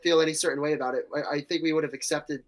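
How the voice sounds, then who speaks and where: A man's voice: fairly high pitch, fairly even intonation, rapid-fire, a little hiss or hum. A young man co-hosting a casual sports chat, laid-back and joking. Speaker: podcast co-host.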